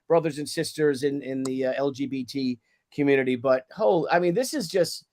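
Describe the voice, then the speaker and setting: A man's voice: medium pitch, fairly quick, a little mellow. A man hosting a casual live stream over a video call, rambling through candid personal stories. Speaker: show host.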